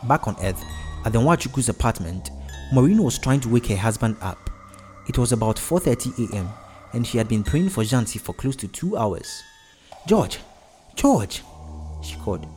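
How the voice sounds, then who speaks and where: A man reading a story aloud as narrator, steady and expressive. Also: medium pitch, brisk, faint music behind.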